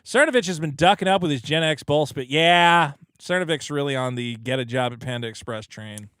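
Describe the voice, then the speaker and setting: A man's voice: fairly high pitch, a little fast, fairly bright tone, smooth, no room sound, studio quality. A man co-hosting a podcast, joking crudely and reading out listener messages in casual banter. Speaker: podcast co-host.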